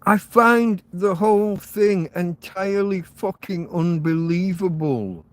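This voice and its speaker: An English man with a high voice pours out an agitated, profanity-laced rant on his podcast. He sounds close to tears with frustration. The sound is close and dry. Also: takes it slowly, no echo. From England. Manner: agitated, swearing, near tears. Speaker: podcast host. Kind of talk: angry ranting monologue.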